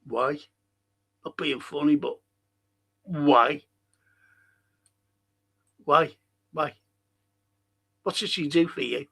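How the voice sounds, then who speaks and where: A man's voice: a little high, very slow, creaky, long pauses, fairly bright tone, husky. A man hosting a livestream podcast, reading out chat comments and ranting heatedly with constant swearing and rhetorical questions. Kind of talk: profane livestream rant.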